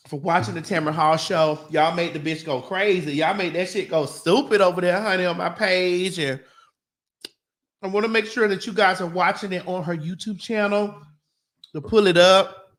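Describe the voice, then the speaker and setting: A woman's voice: fairly low pitch, moderate pace, long pauses. A woman hosting a live morning show, calling out viewers' names in a sing-song, playful way, full of "honey" and "baby". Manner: frank, profane and laughing. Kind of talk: live-stream chat, greeting viewers.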